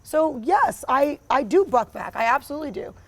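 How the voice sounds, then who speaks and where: Woman, 30s, interview guest; blunt, emphatic, fairly high voice, heavy on fillers. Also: expressive, moderate pace. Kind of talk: candid personal conversation.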